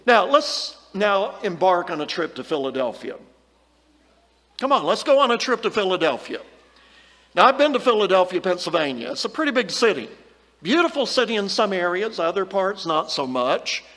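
A high-pitched male preacher delivering a Bible lesson, earnest and emphatic, pressing hard on the key words of the verses. His voice hangs in a long, trailing reverb. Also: sing-song, moderate pace, fairly bright tone. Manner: earnest, emphatic, reads scripture aloud with rising stress.

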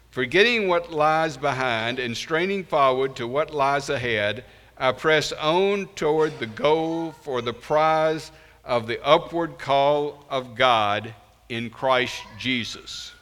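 A man preaches in a church, unhurried and deliberate, leaning hard on key words with sudden loud rises. His voice is bright and forceful. It rings out with a long reverb in a large hall. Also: medium pitch. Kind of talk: sermon.

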